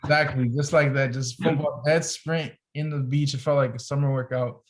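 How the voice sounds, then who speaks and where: A young man talks on a podcast as a photographer guest, recounting a story with animated, casual energy. He peppers his sentences with "like" and keeps the tone relaxed and conversational. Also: medium pitch, moderate pace, noisy background. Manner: animated storyteller, heavy use of "like".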